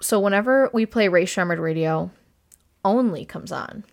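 A young woman co-hosting a casual podcast, telling animated stories with quick asides. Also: mid-range voice, gravelly. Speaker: podcast co-host. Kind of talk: casual chat.

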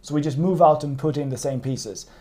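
A man tutoring in a casual lesson, patient and playful, slowing down and repeating words to demonstrate. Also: fairly high pitch, warm tone. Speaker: Chinese tutor. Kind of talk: casual one-on-one language lesson.

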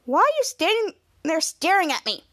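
A woman voices a bratty, suspicious little sister, quoting her snappy lines in an exaggerated, very high, sing-song voice pitched above her own. The delivery is moderately paced and a bit bright, recorded dry with clean studio sound.

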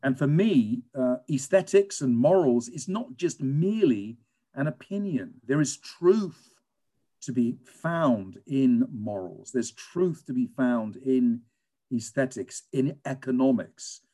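A British man, a teacher and guest, telling lively stories in a conversational interview. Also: medium pitch, slow pace. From England. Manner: animated storyteller, lively and emphatic.

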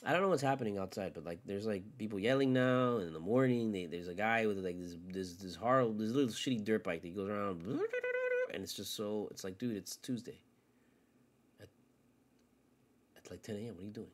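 A man hosting his own sports podcast alone, ranting with constant swearing, jumping from loud outbursts to low mutters. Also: a little fast. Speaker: podcast host. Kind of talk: solo sports rant.

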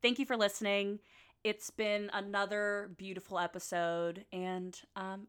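A woman's voice: mid-range voice, little pitch movement, a little slow, fairly bright tone, clean tone. A young woman hosting her own podcast in a rambling, playful, self-mocking chat that keeps breaking off mid-sentence. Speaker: podcast host. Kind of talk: casual solo podcast chat.

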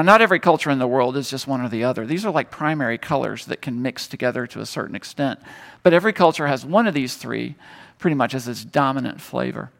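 Gravelly-voiced preacher in a reverberant hall. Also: male voice, a little high. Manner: storytelling, swings from loud emphasis to hushed tones. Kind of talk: sermon.

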